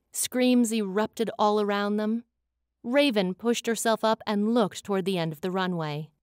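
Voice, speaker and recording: A woman narrating a fantasy audiobook in an expressive, dramatic reading, close to a studio mic. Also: medium pitch, no echo.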